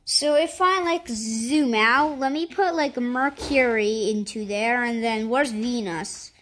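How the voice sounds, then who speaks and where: A woman giving casual commentary over a space game, thinking aloud with lots of fillers and sudden excited outbursts. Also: fairly high pitch, slow, a little hiss or hum. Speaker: gameplay commentator.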